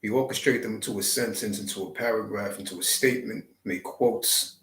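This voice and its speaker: A man hosting his channel, giving a slow, reflective spiritual talk with deliberate, drawn-out phrasing. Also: fairly low pitch, a bit bright, roomy sound, rough recording. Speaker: channel host.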